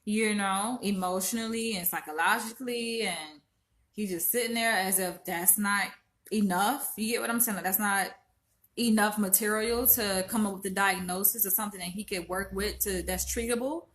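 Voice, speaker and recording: A woman in her twenties from Florida talks straight to her viewers, calling them "y'all" and swearing freely. Her voice is bright and tense, with pitch in the middle range. She is upset and holding back tears as she vents. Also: fairly even intonation, normal speed. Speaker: vlogger. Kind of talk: casual venting to camera.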